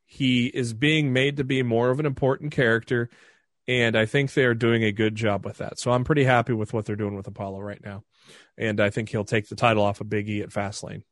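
Rambling easygoing podcast co-host. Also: male voice, medium pitch, little pitch movement, a little fast, no room sound, studio quality. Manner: rambling, many fillers, easygoing. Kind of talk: casual podcast chat.

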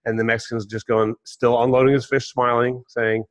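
Casual animated male storyteller. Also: mid-range voice, a little fast. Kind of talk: storytelling in conversation.

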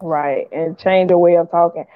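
A woman who is a guest in a faith conversation, telling lively stories and calling listeners honey and babe. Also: fairly low pitch, moderate pace, no room sound. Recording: dull dry lo-fi recording.

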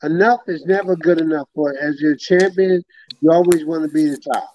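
A middle-aged man from New York, a host and former champion, giving slow, repetitive advice in casual talk. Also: a little high, dark tone, slight background noise. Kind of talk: casual podcast interview. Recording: dull, dry lo-fi sound.

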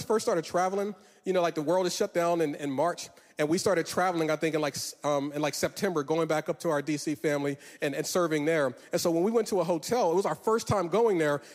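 High-voiced man preaching in a hall. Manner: preachy, sing-song rises and drawn-out words. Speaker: pastor. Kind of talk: sermon. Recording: long hall reverb.

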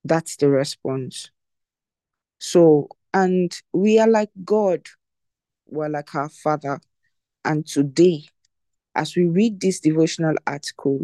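A mellow, warm-toned teacher giving a devotional talk, dry and close to the mic. The delivery is emphatic, with key phrases said again and again. Rhetorical questions are put straight to the listeners. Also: medium pitch, no room sound.

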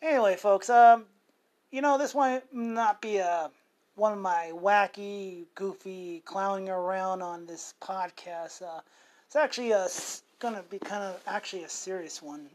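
A woman's voice: medium pitch, a little slow, darkish tone. Rambling, foul-mouthed woman podcaster. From Montana, USA. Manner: rambling, crude joking, swears freely. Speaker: podcast co-host. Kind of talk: casual podcast chat.

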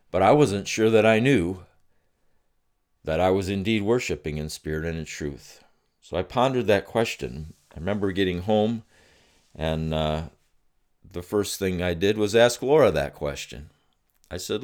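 A middle-aged man giving devotional teaching, telling a personal story slowly and earnestly with reflective pauses. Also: sits low, a little mellow. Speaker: Christian teacher.

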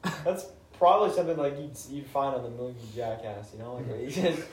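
A man's voice: medium pitch, quick pace, a little mellow, a little hiss or hum. Young guy cohosting, goofy and joking around, sounds far from the mic in a roomy space. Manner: goofy, does mock British and Irish voices. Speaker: podcast co-host. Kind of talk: casual chat. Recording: echoey room, mic at a distance.

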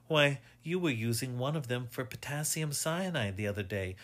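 A man voicing a calm, proud middle-aged wife who talks quietly and scolds lightly, reading from a storybook. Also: medium pitch, moderate pace, pitched above the performer's own voice, close to an everyday voice. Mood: scolding.

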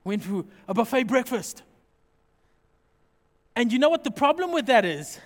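A man delivering a sermon in a strikingly high voice, playful and animated as he acts out little scenes. His words trail off into the long echo of a large hall. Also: normal speed. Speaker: pastor.

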